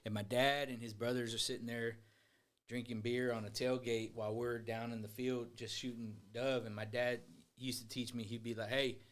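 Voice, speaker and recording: A man's voice: medium pitch, level tone, moderate pace. A man swaps outdoor tales on a casual podcast. He rambles, curses freely and laughs through his own stories in an easygoing voice. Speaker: podcast co-host. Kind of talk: casual storytelling chat.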